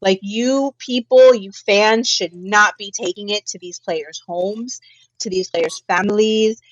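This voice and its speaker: A woman co-hosting a pop culture podcast, telling a story in an animated, profane way. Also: medium pitch, slow, dull audio. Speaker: podcast co-host. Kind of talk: casual pop culture chat.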